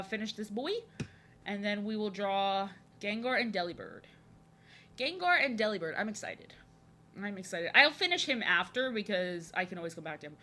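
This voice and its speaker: A young woman chatting casually on a live stream while she draws, rambling and thinking aloud in an excitable way. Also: mid-range voice, a little hiss or hum.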